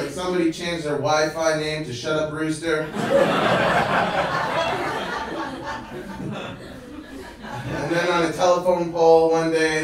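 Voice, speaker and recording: An American man doing stand-up, telling a story in a chatty way and chuckling at his own jokes. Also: a little high. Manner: chatty, laughs at own jokes, small restarts. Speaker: stand-up comedian. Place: event hall with live audience. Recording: echoey hall, distant mic, audience laughter.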